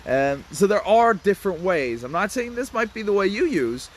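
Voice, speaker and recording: A man with a high, very animated voice casually tells his audience a property investment story, acting out the people in it in quick asides and laughing between points. He greets passers-by mid-talk, and a little hiss or hum runs under the recording.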